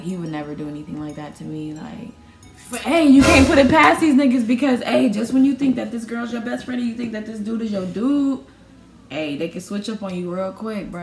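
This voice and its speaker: A young woman telling a personal story in a casual, slangy storytime vlog, acting out what people said. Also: fairly low pitch. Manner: animated, slangy, acts out quoted dialogue. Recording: roomy echo.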